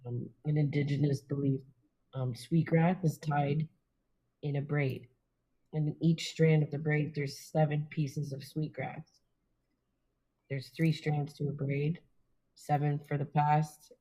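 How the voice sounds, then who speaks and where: A woman guest in a casual spiritual chat, talking gently and reflectively. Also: low voice, flat delivery, moderate pace, breathy edge, rough recording.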